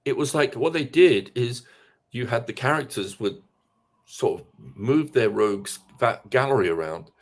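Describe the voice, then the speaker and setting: A hesitant man with a middle-pitched voice works through his thoughts in halting restarts. He is co-hosting a casual podcast chat. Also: lively intonation. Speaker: podcast co-host.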